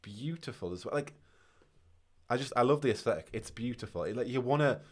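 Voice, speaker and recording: A man from the north of England with a Northern English accent, hosting a live reaction stream in excitable, speculative casual chat. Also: medium pitch. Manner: excitable, speculative, quick to laugh.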